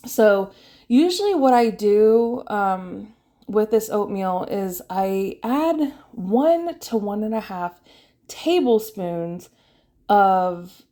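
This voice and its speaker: A woman's voice: medium pitch, a little mellow. Chatty woman vlogging meal prep. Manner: chatty and rambling, with fillers and laughs. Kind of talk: casual meal prep voice-over.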